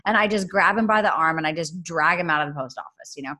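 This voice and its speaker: A woman in her thirties in a casual faith chat, telling a story in a chatty, animated way with lots of fillers. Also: deep voice, fast.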